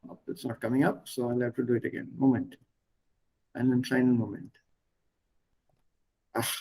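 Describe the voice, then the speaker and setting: A man teaching a language lesson online, explaining word pairs patiently with pauses. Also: mid-range voice, level tone, a little mellow, husky, rough recording.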